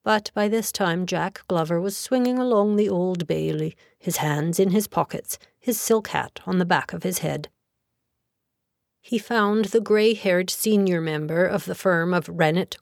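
A woman narrating a novel in a measured, even storytelling manner. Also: fairly low pitch, vocal fry, no echo, studio quality. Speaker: audiobook narrator. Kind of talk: scripted narration.

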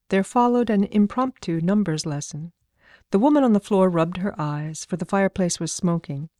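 Low, mellow woman narrating a story. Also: moderate pace, no room sound, clean studio sound.

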